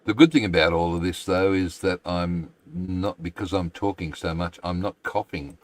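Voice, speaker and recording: A man's voice: deep voice, fairly even intonation, normal speed, no room sound, poor audio. A man with an Australian accent chatting casually while live-streaming a game, rambling and self-deprecating.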